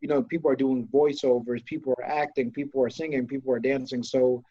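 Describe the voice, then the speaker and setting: A man's voice: medium pitch, a little fast, slightly rough, no echo. Enthusiastic man on a muffled podcast mic. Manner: enthusiastic, animated storytelling. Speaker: podcast co-host, business owner. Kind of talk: casual podcast conversation.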